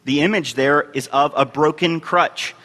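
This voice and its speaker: A man preaching a sermon as a youth and family minister, reading scripture in measured phrases with emphatic rises. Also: on the high side, fairly even intonation, bright, forceful tone. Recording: long hall reverb.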